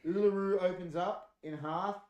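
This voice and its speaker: A man's voice: high-pitched, fairly even intonation, moderate pace, a little mellow, lo-fi sound. An Australian man co-hosting a casual podcast, joking and teasing his friends. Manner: teasing, jokey. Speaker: podcast co-host. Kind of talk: casual chat.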